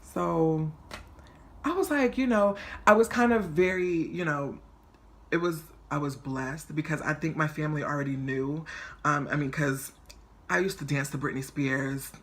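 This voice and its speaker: A man in his twenties telling a personal story on his vlog in a chatty, flamboyant and animated way. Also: fairly high pitch, a little slow. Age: 20s. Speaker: vlogger.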